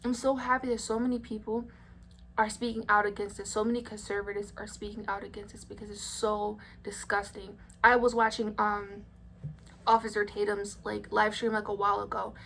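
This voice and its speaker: A woman's voice: mid-range voice, flat delivery, fairly quick, a bit bright. A young adult woman telling a story-time vlog in a blunt, indignant way, swearing freely. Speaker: vlogger.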